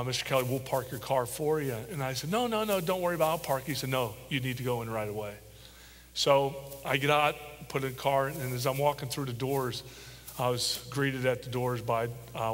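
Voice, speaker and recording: A middle-aged father, as an interview guest, tells a personal story in a halting, heartfelt way with many pauses and ums. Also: mid-range voice, fairly bright tone. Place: large church hall. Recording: echoey church hall with faint hum.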